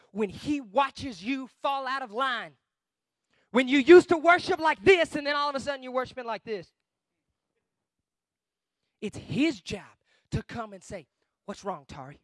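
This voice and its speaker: A man preaching a guest sermon with emphasis, swinging between shouting and quiet asides. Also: extremely high pitch, no room sound.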